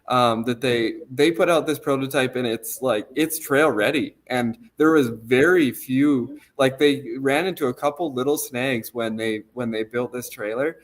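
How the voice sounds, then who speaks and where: Easygoing rambling man on a call. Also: mid-range voice. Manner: easygoing, rambling with many fillers and restarts. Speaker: trailer company representative. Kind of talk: casual walkthrough of photos.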